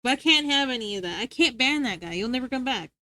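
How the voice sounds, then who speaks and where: A woman's voice: lively intonation, quick pace, pushed and bright. A woman livestreaming and chatting with her viewers in a playful, rambling way, tripping over her words and restarting sentences. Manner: high sing-song voice when scolding her dog. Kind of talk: casual stream chat.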